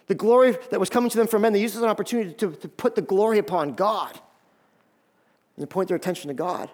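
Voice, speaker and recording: High-voiced male pastor preaching animatedly. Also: fast. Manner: animated, repeats words when building emphasis. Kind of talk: sermon.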